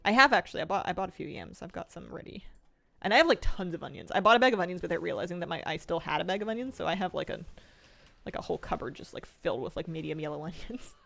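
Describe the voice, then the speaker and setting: A woman streamer talks casually with her chat in a lowish voice with a gravelly edge. Her pitch swings widely as she rambles and pokes fun at herself. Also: lively intonation, quick pace, a bit bright. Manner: rambling, self-mocking, laughs often. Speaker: game streamer.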